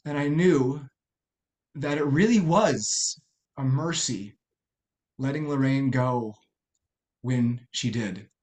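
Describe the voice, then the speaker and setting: Earnest halting middle-aged man. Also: mid-range voice, darkish tone. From United States. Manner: earnest, halting, many restarts and fillers. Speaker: podcast guest. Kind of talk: personal storytelling interview.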